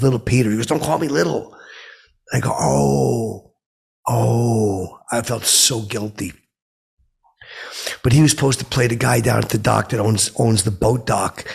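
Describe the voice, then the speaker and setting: A man hosting a comedy podcast, telling a rambling story in a dim, oblivious deadpan that jumps up in pitch when he quotes people. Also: creaky, husky.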